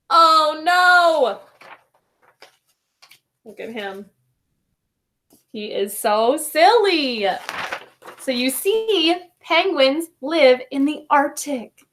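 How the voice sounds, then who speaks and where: A woman teacher reads a picture book to young children in a high, bright voice. She talks to them gently and with encouragement, and her voice rises and falls a lot. She speaks slowly and clearly. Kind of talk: reading a storybook aloud to children.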